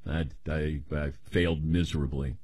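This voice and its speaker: An older man hosting a radio call-in show, telling stories in an animated, self-mocking way. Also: a bass voice, normal speed, husky, no room sound, studio quality. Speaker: radio talk show host. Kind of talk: casual call-in chat.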